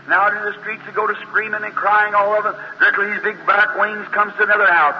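A man preaching a fiery revival sermon, telling a story with acted dialogue and climbing to high exclamations. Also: flat delivery, fast. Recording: dull lo-fi hall recording with faint hiss.

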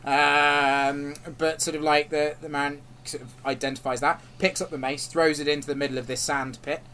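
A man's voice: on the high side, flat delivery, normal speed, bright, forceful tone, a little hiss or hum. A man narrating as game master, rambling along with many fillers.

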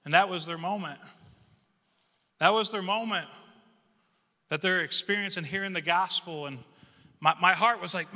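A male pastor giving a conversational, humorous storytelling sermon in a church, animated and acting out quotes. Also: high voice, normal speed, pauses often. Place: church sanctuary. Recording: reverberant church hall.

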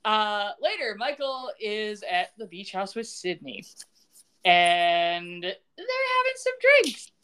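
Animated woman recapping a soap. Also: medium pitch, takes it slowly, smooth. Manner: animated, acts out quoted lines with laughs. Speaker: podcast co-host recapping a TV soap. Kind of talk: casual recap chat.

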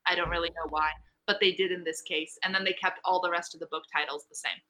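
A woman chatting excitedly in a casual book club conversation, rambling with lots of fillers. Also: lowish voice, quick pace. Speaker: book club podcast member. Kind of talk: casual chat.

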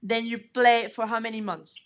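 A woman's voice: on the high side, steady tone, normal speed, fairly bright tone. A woman hosting a casual interview, asking friendly questions with plenty of ums and restarts. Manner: friendly, asks questions with many fillers.

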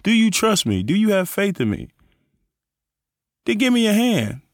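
A young man hosting a podcast, giving an animated motivational faith talk in casual slang and acting out the voices he quotes. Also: sits high, moderate pace, no room sound, studio quality. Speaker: podcast host.

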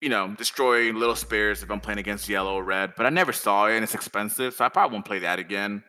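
Guy rambling on a podcast, lowish but bright voice, lots of ums. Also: fast, slight background noise. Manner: rambling, animated, many fillers. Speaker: podcast guest. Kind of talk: casual podcast chat.

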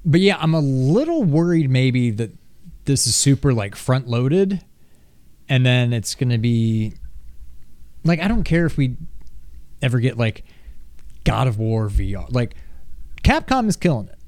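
A man's voice: medium pitch, very animated, measured pace, pauses often, a little mellow, no echo. A man co-hosting a casual gaming chat, rambling and loose, acting out his own reactions. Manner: loose, rambling, filler-heavy with acted-out reactions.

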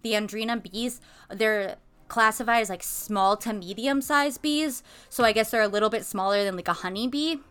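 A young woman chats on a podcast in a bright, clear tone. She rambles a bit, fills gaps with "like", and keeps slipping into giggles. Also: on the high side, normal speed. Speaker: podcast co-host. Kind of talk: casual chat.

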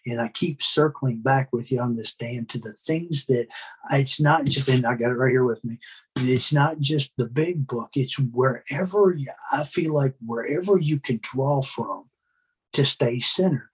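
A man's voice: mid-range voice, measured pace, slightly rough. A man who is a podcast guest, telling his recovery story in casual conversation. He speaks in an earnest, emotional and candid way, with blunt swearing.

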